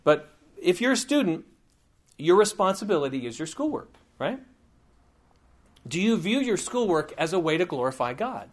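A man's voice: high voice, very animated, moderate pace, long pauses. A man giving a conversational teaching sermon, informal and digressive, with frequent asides and light humor.

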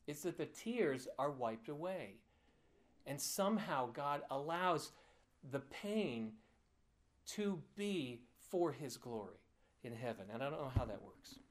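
A pastor preaching a sermon, telling a personal story in an earnest, heartfelt way. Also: male voice, medium pitch.

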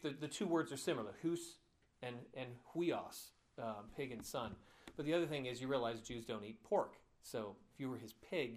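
Conversational male preacher, slightly high voice. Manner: conversational, with asides and laughs. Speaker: pastor. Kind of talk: sermon.

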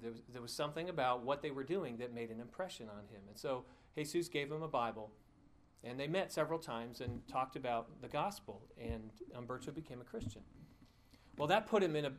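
A man's voice: mid-range voice, a little hiss or hum. A man preaching a sermon, telling a story in a conversational way with frequent fillers and restarts, and chuckling at his own asides. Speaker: pastor.

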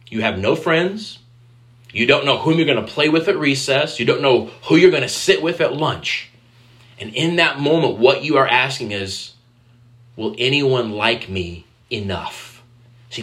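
A pastor gives a conversational sermon aimed directly at the children in the congregation, acting out the voices he quotes. His voice is medium-pitched and a bit bright.

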